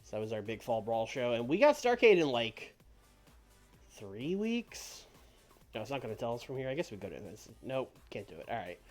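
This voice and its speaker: Rambling streamer with soft music behind. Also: male voice, medium pitch, sing-song, normal speed. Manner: rambling, many fillers. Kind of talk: casual game commentary.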